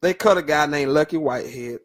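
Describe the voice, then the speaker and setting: A man's voice: a little high, fairly quick. A middle-aged man hosting a solo sports talk podcast, loose and opinionated, with fillers and stumbles as he reads through lists.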